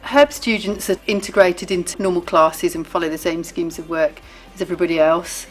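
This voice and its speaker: Calm female teacher, faint music behind. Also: fairly low pitch, a little fast. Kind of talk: interview about teaching.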